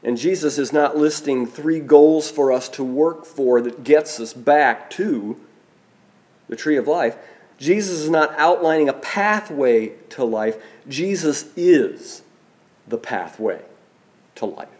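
Slow, deliberate male preacher. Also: on the high side, animated. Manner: slow and deliberate, voice dropping soft on key words. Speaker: pastor. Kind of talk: sermon.

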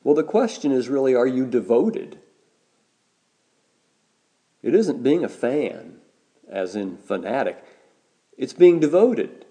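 A man preaching a sermon as a pastor, measured and deliberate, slowing down to stress key words. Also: mid-range voice, very animated, warm tone.

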